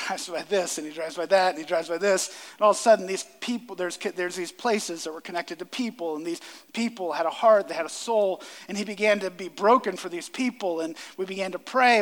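A man preaching a sermon as pastor to a congregation in a church, earnest and repeating phrases for emphasis. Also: high-pitched. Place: church sanctuary before a congregation. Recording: reverberant hall sound.

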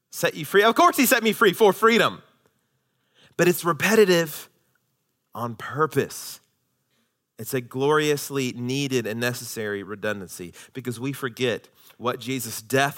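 A male pastor in his thirties delivers a sermon with a bright, forceful tone. His voice sits a little high for a man. He swings from ringing declarations down to hushed, intense lines. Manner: emphatic preaching, swinging from loud declarations to quiet intensity.

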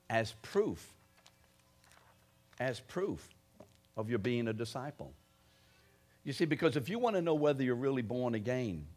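Man, preacher, sermon, emphatic, swings between loud stresses and low quiet lines.

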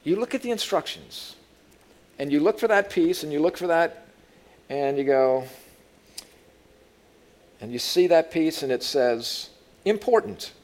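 A man's voice: on the high side, measured pace, long pauses, darkish tone. A man giving a conversational sermon as a Bible teacher, telling humorous stories and asking the audience questions.

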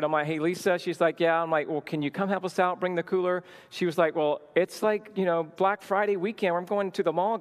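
A man's voice: high-pitched, clear, resonant tone, in a large hall. A man in his thirties telling a personal story at a marriage teaching session, acting out the dialogue with lots of energy. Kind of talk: storytelling talk.

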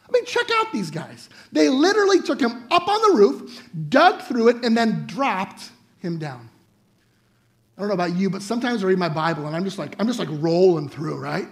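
Animated young male preacher, high and lively. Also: normal speed. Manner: animated, chatty, asks the audience "right?" often. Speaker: guest preacher. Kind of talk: sermon.

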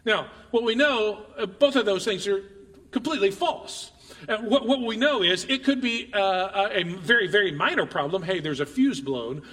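A man's voice: high-pitched, sharp tone, long reverb tail. A male pastor preaching a conversational sermon to his congregation in church, often restarting and repeating words as he talks directly to them. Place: church sanctuary.

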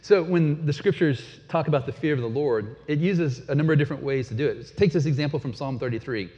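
A man's voice: on the high side, fast, mellow. Man preaching in a reverberant hall. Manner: conversational, asks the listeners questions. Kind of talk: sermon. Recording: dull sound with long hall reverb.

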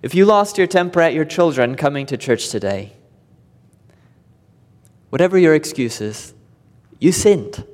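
A man preaching a sermon to his church, emphatic and deliberate, repeating key words for weight. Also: fairly high pitch, lively intonation, a little mellow, in a large hall. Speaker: pastor. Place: church sanctuary.

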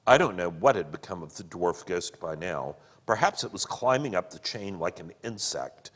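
A man reading a book aloud and commenting on it, slow and expressive. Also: husky. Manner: slow and expressive, with wide pitch swings. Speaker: reader and teacher. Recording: long hall reverb.

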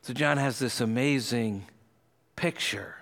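A man's voice: mid-range voice, a little slow, creaky, fairly bright tone. Earnest man preaching a sermon. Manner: earnest, explanatory, reads scripture aloud with emphasis. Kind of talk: expository sermon.

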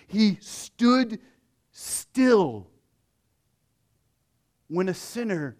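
High-voiced preacher swinging hushed to loud. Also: male voice. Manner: acts out crowd voices. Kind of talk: sermon.

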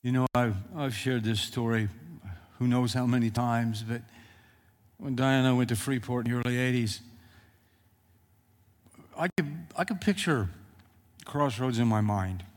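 A man preaching a sermon as pastor, speaking in a personal, emotional way with frequent halting restarts. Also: medium pitch, in a large hall.

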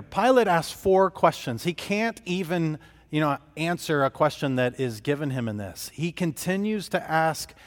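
A man preaching an expository sermon as pastor, earnest, often restarting his phrases as he thinks aloud. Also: on the high side. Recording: long hall reverb.

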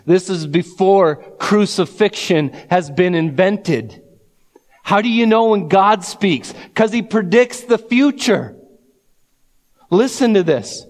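A man preaching slowly and deliberately, his voice set a little high for a man. He reads scripture aloud and presses each point with rising fervor. A long hall reverb trails every phrase. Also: darkish tone. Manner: reads scripture aloud and builds to fervent emphasis. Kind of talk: sermon.

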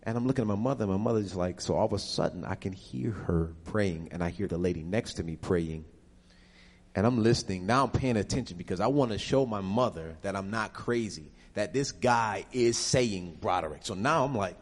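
A man with a lowish voice tells his personal testimony with emotion and animation, building to high, urgent peaks. His words carry a long reverb, as if he is speaking in a big church hall. He is a guest answering audience questions. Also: animated, moderate pace.

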